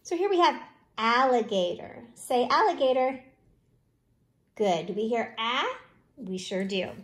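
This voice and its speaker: A woman teaching a phonics lesson to young children, sounding out letters slowly and encouragingly. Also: a little high, animated.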